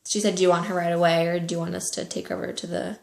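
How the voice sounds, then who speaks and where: A young woman in her twenties telling a personal story to camera, soft-spoken and halting, with many pauses and fillers. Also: lowish voice, flat delivery, creaky, reverberant. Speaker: vlogger.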